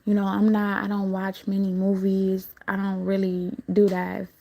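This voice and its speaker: A woman's voice: mid-range voice, monotone, normal speed, gravelly, mellow. A woman hosting a livestream, recounting a dream in a casual, rambling way, laughing often and swearing freely.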